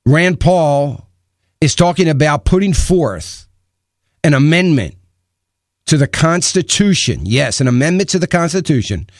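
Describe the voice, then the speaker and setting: Male radio host, slightly high voice, dry close studio mic, emphatic and opinionated delivery. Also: lively intonation, a little slow, no echo. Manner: opinionated, emphatic, rhetorical questions. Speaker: radio talk show host. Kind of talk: radio talk commentary. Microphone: studio microphone.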